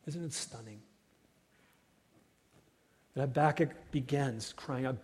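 Husky preaching man in a reverberant hall. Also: fairly high pitch, measured pace, long pauses. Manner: dynamic preaching, swells loud then drops to whispers. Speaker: pastor. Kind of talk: sermon.

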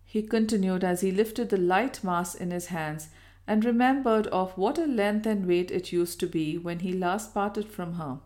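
A woman reading a Victorian novel aloud in a measured, even storytelling manner. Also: medium pitch. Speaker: audiobook reader. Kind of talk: scripted narration of a Victorian novel.

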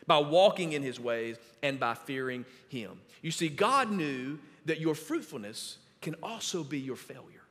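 In an echoey church hall, a pastor with a high, slightly bright voice delivers an emphatic, teaching-style sermon. He directs the congregation to underline verses as he preaches.

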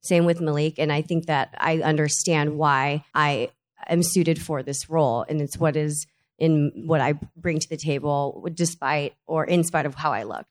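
A woman's voice: low voice, steady tone, moderate pace. A woman actress speaking as a panel guest, earnest and thinking aloud. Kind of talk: panel discussion before an audience.

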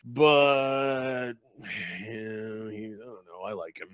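A man's voice: lowish voice, very slow. A man voicing Bleeger, a crude, grinning redcap fae cab driver who swears bluntly and talks in a chummy way.

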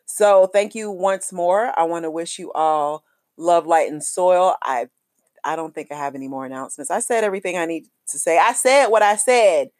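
A woman podcast host, talking in a lively, chatty, affectionate way full of slang as she wraps up her show. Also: on the low side, normal speed, no echo, clean studio sound. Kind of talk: casual podcast outro.

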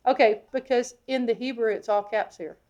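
High-voiced woman preaching emphatically. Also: normal speed, muffled recording. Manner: emphatic, asks the listeners questions, swings between loud and hushed. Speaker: preacher teaching from the Bible. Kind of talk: expository sermon.

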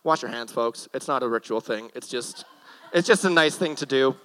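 A man's voice: medium pitch, normal speed, fairly bright tone, rough recording. A young man giving a casual, joking sermon from a church stage, with nervous self-deprecating asides. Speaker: guest preacher.

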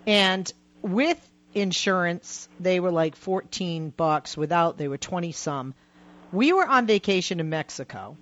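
A woman's voice: sits low, highs cut off. A woman hosting a call-in radio show in casual chat, telling stories with lots of fillers. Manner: chatty storyteller, many fillers. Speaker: radio talk show host. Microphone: studio microphone.

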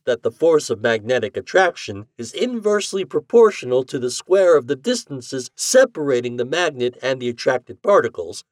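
A man reading an audiobook voices a cheerful, eccentric scientist who lectures with drawn-out emphatic stresses. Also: mid-range voice, no echo, studio quality. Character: eccentric male scientist, cheerful self-declared mad genius.

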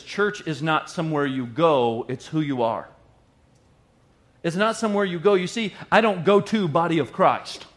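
A man's voice: on the high side, fairly bright tone. A middle-aged male pastor preaching a sermon in a playful way, repeating lines for emphasis.

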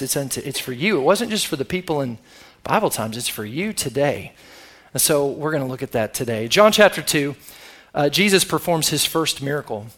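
Preaching conversationally, a middle-aged pastor calls on his congregation for responses. His voice sits on the high side with a fairly bright tone.

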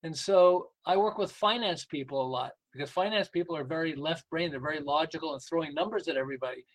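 A man's voice: fairly high pitch, fast, poor audio. An older man, a guest being interviewed as a sales and behavior coach, telling stories animatedly and acting out voices. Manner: animated, acts out quoted voices, laughs often. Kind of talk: lively interview storytelling.

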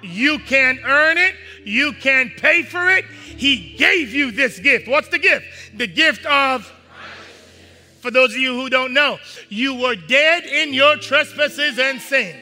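High-pitched, sharp-voiced man preaching. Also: lively intonation, takes it slowly, long reverb tail. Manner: preaching with call-and-response to the congregation; breaks off scripture readings to explain, rising to shouts. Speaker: pastor. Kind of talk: sermon.

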